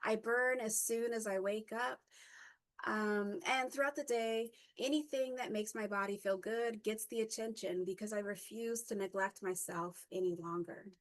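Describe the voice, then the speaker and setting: A woman in her forties speaks at a middle pitch, sharing her own story in a personal, reflective talk. She pauses often on ums and stops to correct herself. Her pace is unhurried. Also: fairly even intonation. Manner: halting, with many ums and self-corrections. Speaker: guest speaker.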